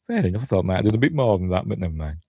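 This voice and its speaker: A man's voice: low voice, very animated, racing, mellow, husky, no echo. A tired man with a Yorkshire accent hosting a casual live stream, rambling and self-deprecating with chuckling asides. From Yorkshire, England. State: tired, yawning. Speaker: YouTube host.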